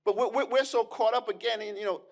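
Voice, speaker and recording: A man's voice: sits high, steady tone, quick pace, gravelly. A man giving a keynote lecture as a historian, emphatic and conversational, with punchy asides and words repeated as he restarts. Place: lecture hall.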